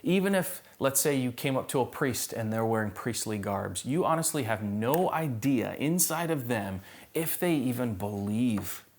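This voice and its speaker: Lebhafter Prediger, Mann, Gemeindegottesdienst. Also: male voice, medium pitch, normal speed. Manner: conversational, animated preaching with humor. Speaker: pastor. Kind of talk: sermon.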